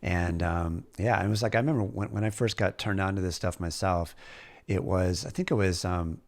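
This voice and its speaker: Male podcast host, lowish voice, candid and reflective, casual swearing. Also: fairly even intonation, normal speed. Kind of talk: casual conversational interview.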